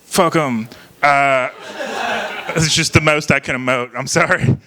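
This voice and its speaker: A young man from Ohio doing an open mic stand-up set, rambling and halting, laughing at his own jokes. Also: fairly high pitch, fairly even intonation, a crowd in the background. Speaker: stand-up comedian. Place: small bar venue with live crowd.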